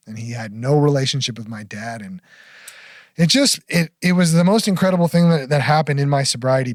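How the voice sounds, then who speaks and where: Man, middle-aged, candid storyteller, frank and profane, mid-pitched voice, dry close sound. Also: no room sound. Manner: frank, profane, drops to near-whisper at heavy moments. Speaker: podcast guest.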